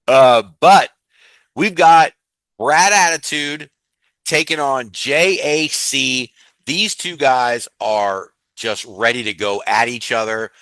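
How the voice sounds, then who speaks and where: A man's voice: mid-range voice, slow pace, a bit bright, dry recording. A man with a Southern US accent hosting a wrestling podcast, rattling off show news in an upbeat, chatty way and laughing often. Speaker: podcast host. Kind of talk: casual wrestling news chat.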